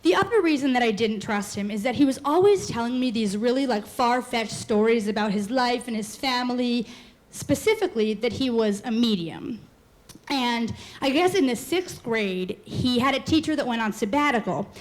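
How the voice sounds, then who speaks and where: A woman in her twenties performing a live comic storytelling set, animated and quick, often laughing through her lines. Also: fairly high pitch. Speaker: comedic storyteller.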